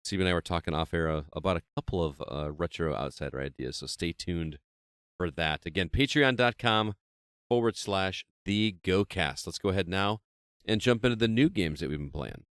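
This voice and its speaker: Deep-voiced, smooth male podcast host. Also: normal speed, a bit bright, no room sound, studio quality. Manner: chatty, self-deprecating, laughs often. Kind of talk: casual podcast chat.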